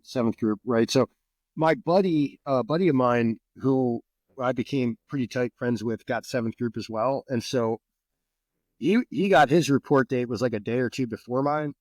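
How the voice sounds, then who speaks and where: A man's voice: medium pitch, no room sound. Man from New Jersey telling stories casually. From New Jersey, USA. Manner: swears freely, animated storytelling. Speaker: podcast guest, former soldier. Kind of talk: casual storytelling.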